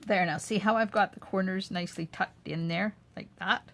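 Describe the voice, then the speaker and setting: A craft video host, this older woman demonstrates live from her home craft room, describing each step and chatting in response to viewers' comments as she works. Her medium-pitched voice has vocal fry and a fairly bright tone, at a moderate pace.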